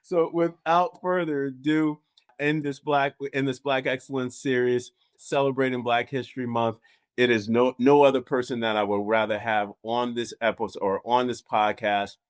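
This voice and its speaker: A man hosting a podcast, telling a story with lots of laughter and animated warmth toward his guest. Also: mid-range voice, moderate pace, smooth. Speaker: podcast host. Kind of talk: casual interview intro.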